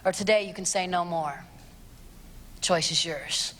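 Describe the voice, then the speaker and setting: A woman's voice: lowish voice, unhurried, fairly bright tone. A woman giving an emphatic, direct live talk to a youth audience in a large church hall. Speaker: abstinence speaker. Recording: long hall reverb, faint crowd.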